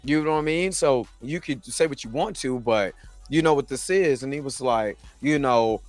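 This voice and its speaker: With a mid-range voice at a normal pace, a man hosts a show where he reviews a TV episode, chatting casually and frequently tossing in "you know what I mean." There's no room sound, just soft music in the background.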